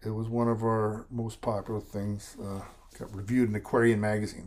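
A man's voice: fairly low pitch, level tone, normal speed, darkish tone. Rambling middle-aged man telling band stories. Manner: rambling storyteller, quotes others in voices, emotional at times. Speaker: songwriter and lead singer, guest. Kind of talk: casual interview chat.

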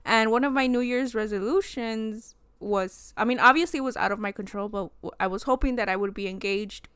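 A young woman co-hosting a podcast, chatting casually, excitable and giggly with lots of fillers. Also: fairly high pitch, brisk, clean tone, no room sound, clean studio sound. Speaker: podcast co-host. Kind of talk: casual chat.

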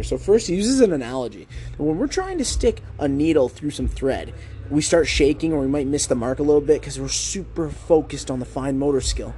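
A young man hosts his podcast alone, walking through a book in a relaxed, conversational way. His voice is mellow and warm, and he deliberately lifts and drops his tone to keep listeners hooked. A faint noise sits under the recording. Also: a little high. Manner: conversational, with filler "like" and rhetorical questions. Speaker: podcast host. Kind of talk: casual book-review podcast monologue.

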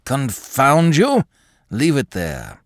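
A man's voice: on the low side, big pitch swings, moderate pace, dry recording, clean studio sound. A man voicing a pompous, absent-minded older scholar who swings between grandeur and irritation. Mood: irritable. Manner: grandiose then irritable and dazed.

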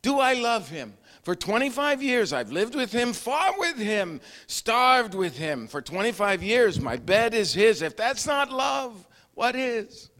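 A man's voice: sits high, very animated, a little slow, hardly any pauses, a bit bright, voice pushed up, heavily acted. A man voicing a practical, put-upon middle-aged wife who lists her chores with exasperation. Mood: tender.

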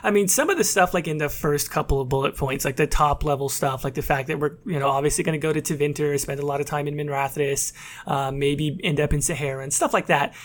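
A man co-hosting a podcast in casual chat, animated and full of fillers and restarts. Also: on the high side, fast talker. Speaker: podcast co-host.

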